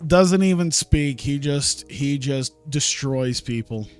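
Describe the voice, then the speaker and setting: A man's voice: mid-range voice, slow, smooth, faint music behind. A man casually talking through a wrestling management game on a live stream, thinking aloud, chuckling and swearing now and then. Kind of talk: casual gaming stream commentary.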